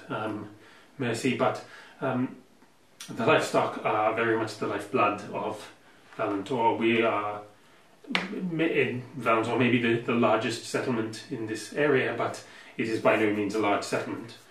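A man's voice: mid-range voice, measured pace, a bit bright, echoey room, recorded from a distance, close to an everyday voice, poor audio. A man voicing a discreet male retainer who speaks formally, with careful hesitations. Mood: guarded.

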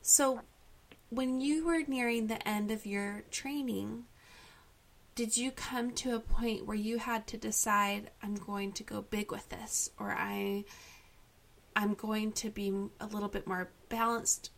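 A woman hosting a podcast who asks her guest questions softly and gently. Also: mid-range voice, steady tone, slow, creaky, rough recording. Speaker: podcast host. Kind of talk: interviewing.

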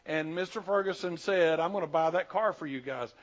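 Folksy preacher, high voice, lo-fi. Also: male voice, brisk. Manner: folksy, plain-spoken preaching with colloquial asides. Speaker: pastor. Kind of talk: sermon. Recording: dull lo-fi sermon recording.

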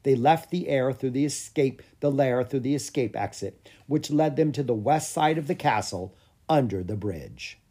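A man reading a children's book aloud as scripted narration, with a lively storytelling manner. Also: medium pitch, moderate pace, husky. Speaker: audiobook reader.

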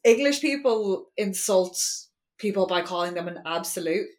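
An Irish woman co-hosting a podcast in casual chat, animated and quick to laugh. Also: lowish voice. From Ireland. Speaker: podcast co-host.

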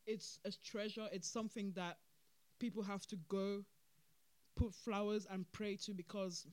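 Talking through events at a measured pace, this podcast host has a mid-range voice and gives animated, casual commentary. There's laughter and repetition of points for emphasis, with no echo.

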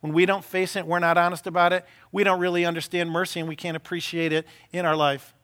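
Fast and high-pitched, a middle-aged senior pastor preaches with animation in a conversational tone, often posing rhetorical questions.

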